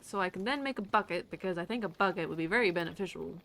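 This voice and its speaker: A woman's voice: on the low side, racing, gravelly, fairly bright tone, slight background noise. A woman streaming a game, chatting casually to herself, laughing often and swearing casually. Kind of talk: casual gameplay commentary.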